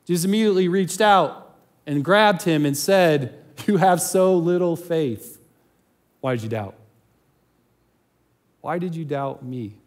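A man's voice: a little high, a little mellow. A man preaching a sermon as pastor, telling a Bible story in a casual, conversational way. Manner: conversational, chuckles while storytelling.

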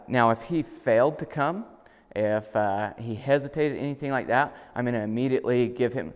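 Indoors in a house, a man demonstrates dog training, explaining things casually and then bursting into high, loud, upbeat commands for his dog. His voice is clear and resonant, fairly quick, with a big-room sound.

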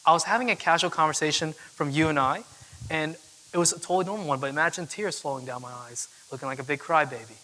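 A young man with a slightly high, bright, forceful voice speaks fast as a keynote speaker, telling stories to an audience in a casual, chatty way packed with fillers. The event hall gives his voice a long reverb.

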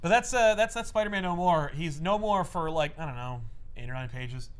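A man hosting a casual chat about comic books, animated and acting out the characters as he tells the story. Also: on the high side, clear, resonant tone. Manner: animated, acts out characters in quick voices. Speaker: podcast host.

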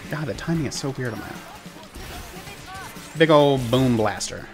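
A man's voice: mid-range voice, expressive, unhurried, music in the background. A man streaming a video game, swearing and joking at his chat while he plays. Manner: profane, joking, talks to chat. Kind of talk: casual gameplay commentary. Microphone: desk mic.

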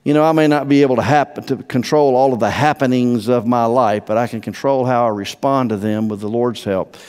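A man preaching a sermon as pastor, emphatic and swinging from hushed to loud. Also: medium pitch, fairly quick, clear, resonant tone. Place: church sanctuary. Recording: long church-hall reverb.

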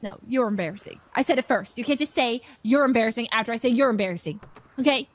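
A woman in casual in-character game chat, playful and sassy with quick comebacks. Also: on the high side. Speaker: role-play player as April.

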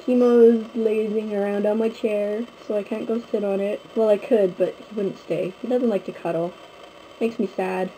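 A woman's voice: mid-range voice, steady tone, normal speed, warm tone, slight background noise, poor audio. Chatty young woman vlogging from home. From Canada. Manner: rambling, chatty, many fillers. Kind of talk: casual vlog chat to camera. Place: at home, indoors. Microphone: handheld camera, close.

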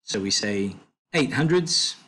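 Husky man teaching a language lesson. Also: fairly low pitch, lively intonation, bright, forceful tone. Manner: slow, patient explaining with fillers and self-corrections. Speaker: language tutor.

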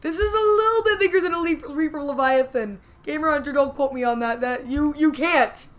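A young woman giving excitable commentary over her own gameplay, often exclaiming and gasping. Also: high voice, a little fast. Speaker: gameplay video host.

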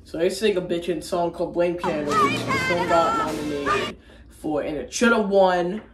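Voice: mid-range voice, sing-song, normal speed, roomy sound, loud music behind the voice. A vlogger giving a rambling, casual movie recap, often second-guessing the plot order and using slang. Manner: rambling, unsure of itself, slangy.

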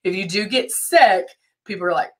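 A brand educator with a cold and a stuffed-up nose hosts a live makeup demo, chatting, greeting viewers by name, and laughing often. Her voice is medium in pitch and moderate in pace.

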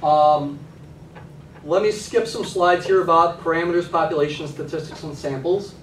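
Male stats lecturer, chatty classroom delivery, somewhat high voice, roomy distant sound. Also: steady tone, normal speed, a bit bright, a little hiss or hum. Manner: conversational, frequent "okay?" check-ins. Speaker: college statistics lecturer.

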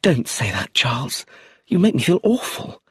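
A man's voice: mid-range voice, normal speed, husky, no echo, studio quality, pitched above the performer's own voice. A man reading an audiobook, voicing a composed, firm young woman in a slightly raised voice. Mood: troubled. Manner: calm, firm.

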